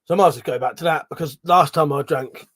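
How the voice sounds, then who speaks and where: A man's voice: a little high, quick pace, a bit bright. A middle-aged man hosting a casual livestream, reading chat messages aloud, swearing freely, laughing and mumbling asides. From Britain.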